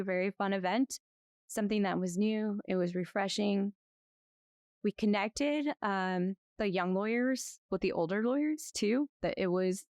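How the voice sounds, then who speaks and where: Woman lawyer chatting as a guest, lots of restarts, kinda low pitched, very dry recording. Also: vocal fry, no room sound. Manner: chatty, rambling with restarts, animated retelling. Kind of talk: conversational interview.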